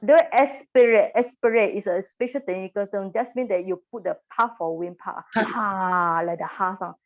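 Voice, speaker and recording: A woman's voice: mid-range voice, brisk, a little mellow, dull audio. A woman teacher, leading a classroom pronunciation lesson and patiently repeating sounds for her class to echo.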